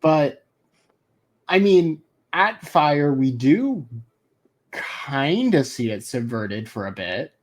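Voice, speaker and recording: A podcast co-host giving measured commentary in a casual recap chat. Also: medium pitch, sing-song.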